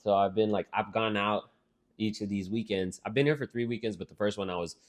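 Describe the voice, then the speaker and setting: A man's voice: lowish voice, steady tone, a little fast. A young man co-hosting a podcast, chatting casually and loosely, rambling and swearing now and then. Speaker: podcast co-host. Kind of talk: casual chat.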